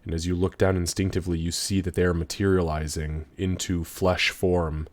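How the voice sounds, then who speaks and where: A man's voice: low-pitched, flat delivery, moderate pace. A man narrating a tabletop role-playing session as game master, descriptive and swearing freely.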